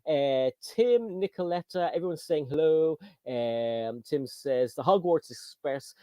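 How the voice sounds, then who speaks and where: A man's voice: fairly high pitch, a little slow, warm tone, no echo. An Irish man hosting a casual livestream, chatting and reading out viewer comments. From Ireland. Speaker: host.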